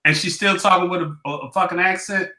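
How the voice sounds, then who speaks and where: A man in heated podcast banter, his voice high and strikingly bright and cutting. He interrogates, swears freely and refuses to let a point drop. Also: fairly even intonation, fast. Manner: combative, profane, interrogating. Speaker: podcast co-host.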